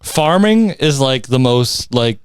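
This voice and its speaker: A man's voice: medium pitch, animated, slow, clean tone, no room sound, clean studio sound. A man hosting a podcast interview in a casual, jokey and crude way, laughing often. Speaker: podcast host.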